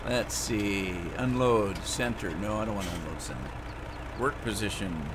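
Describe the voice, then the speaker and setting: A man's voice: lowish voice, moderate pace. An American man live-streaming a farming game, thinking aloud as he plays and answering his viewers' chat. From United States. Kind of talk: live gameplay commentary. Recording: game vehicle engine noise behind.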